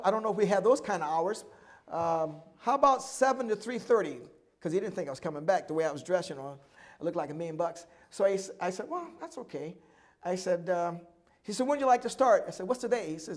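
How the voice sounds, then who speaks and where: A man in his seventies, a guest at a live oral history event, telling stories from his life in an animated way and acting out both sides of each conversation. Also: high voice. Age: 70s. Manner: animated storyteller who acts out dialogue and laughs often.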